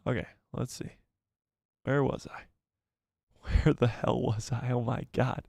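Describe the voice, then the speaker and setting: A man's voice: mid-range voice, little pitch movement, a little slow, gravelly, a little mellow, husky, no echo. Chatty male live-stream host, dry sound. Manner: chatty, laughs often, talks to viewers by name. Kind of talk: casual live-stream chat reading viewer messages. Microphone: headset.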